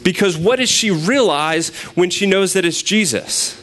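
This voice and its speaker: A young man preaching a sermon, retelling a scripture passage in a conversational, animated storytelling way. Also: high-pitched, a little slow, a little hiss or hum.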